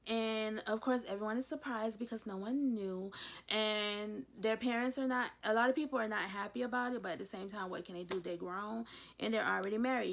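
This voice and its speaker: A woman's voice: medium pitch, gravelly, fairly bright tone. A young woman chatting casually through a TV episode recap as a reviewer, retelling scenes with gossipy asides. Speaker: YouTube reviewer.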